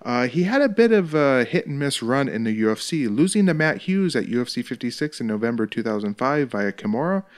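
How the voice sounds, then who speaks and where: A man's voice: mid-range voice, sing-song, a little fast, hardly any pauses, clear, resonant tone. Laughing, foul-mouthed man commenting on a fight. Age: 30s. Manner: joking, profane, laughs often. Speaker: show host commenting on an old fight.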